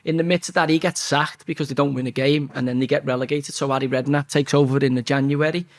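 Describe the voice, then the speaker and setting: A man's voice: mid-range voice, quick pace. Sweary man telling a story. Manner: blunt, sweary, animated storytelling. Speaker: interview guest, former footballer. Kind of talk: casual storytelling interview.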